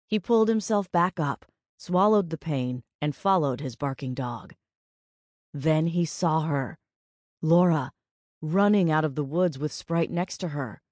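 Her voice sits low as she narrates an audiobook in an even, measured way from a script. It's a studio-quality recording with no room sound.

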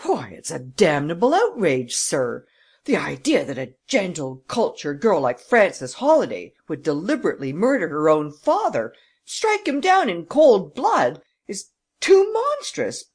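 In an audiobook reader's voice, a shaken junior lawyer speaks in urgent bursts. He is an emotional gentleman of the old school, pushing hard to defend a client. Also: medium pitch, expressive, normal speed, natural voice. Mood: agitated. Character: agitated middle-aged male junior lawyer. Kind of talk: audiobook character reading.

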